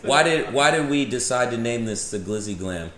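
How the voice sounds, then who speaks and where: A young man co-hosting a podcast with friends, steering the casual chat and adding quick quips. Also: medium pitch, expressive. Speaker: podcast co-host. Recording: echoey room, loud chatter around.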